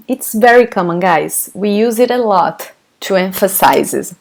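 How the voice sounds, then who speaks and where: A woman's voice: medium pitch, normal speed, a little mellow. A Brazilian woman with a Brazilian Portuguese accent, teaching her native language in English during a live online class, patiently explaining and answering chat questions.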